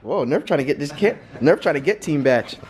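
A man's voice: a little high, expressive, a little fast, very noisy. A man vlogging at home, joking and teasing his friends in casual banter. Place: indoors at home with friends and a dog.

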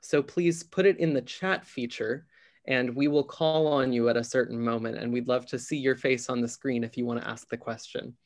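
A mid-pitched man opens a theatre patron event on a video call. His delivery is polite and welcoming, with a few uhs as he introduces the guests. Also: steady tone, normal speed. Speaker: director of development, host.

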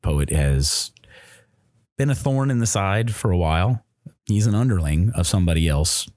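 A man's voice: sits low, lively intonation, normal speed, darkish tone, no echo, studio quality. A man narrating a tabletop role-playing game as game master, describing scenes with frequent fillers and restarts. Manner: descriptive, hesitant with many fillers.

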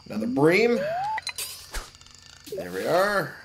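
A man giving casual gameplay commentary, muttering to himself and cursing loudly at the game. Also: on the high side, big pitch swings, slow pace, background noise. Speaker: let's play gamer.

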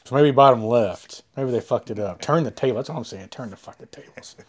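A man's voice: medium pitch, fairly quick. A man hosting a card box opening, rambling in casual chat, swearing freely and cracking crude jokes into a close mic. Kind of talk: casual chat while unboxing. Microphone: close mic he says he overloads.

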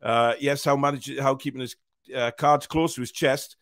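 A man with a hoarse, croaky voice hosting a live football watch-along, talking in halting, repetitive, exasperated bursts. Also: medium pitch, fairly even intonation, a bit bright, dry recording, clean studio sound. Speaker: host.

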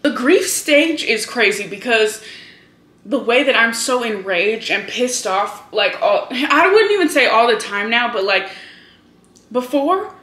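A young woman in her twenties vlogs in a casual, fast-paced chat, swearing freely as she vents. Her voice is bright and a little high. The sound is roomy and echoey, with faint noise underneath. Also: expressive. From Hawaii, US. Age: 20s. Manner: fast, heated, profane storytelling. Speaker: vlogger. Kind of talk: casual vlog chat to camera.

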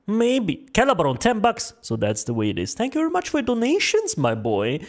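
A man's voice: high-pitched, wildly swooping pitch, brisk. A man streaming live, reading out viewer donations in a loose, joking manner with plenty of swearing; his voice sounds worn from talking. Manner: loose, joking, profane banter. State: strained, tiring voice. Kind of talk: casual live-stream chat.

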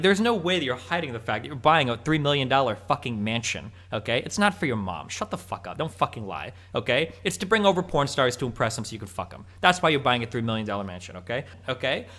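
A man's voice: medium pitch, very animated, fairly quick, hardly any pauses, a bit bright. A man in a heated, profane, mocking rant on a stream clip. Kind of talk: ranting stream commentary.

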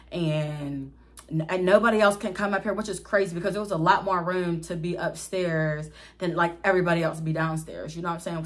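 A young woman vlogger telling a story from her childhood to viewers, chatty and candid, often calling them y'all and adding slang. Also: on the low side. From Pittsburgh area, USA. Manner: candid, dramatic retelling with slang. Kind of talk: casual storytime.

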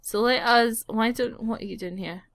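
A woman's voice: a little high, moderate pace, no echo. Girl chatting over her sim game, giggly, keeps telling the characters off. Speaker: gaming channel host. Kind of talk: casual let's play commentary.

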